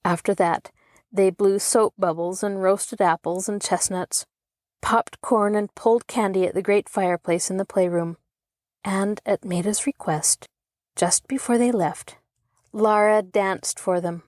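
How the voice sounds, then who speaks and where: Expressive woman storybook narrator. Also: mid-range voice, a little slow, no echo, clean studio sound. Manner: expressive, even storytelling pace. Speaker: host and audiobook narrator.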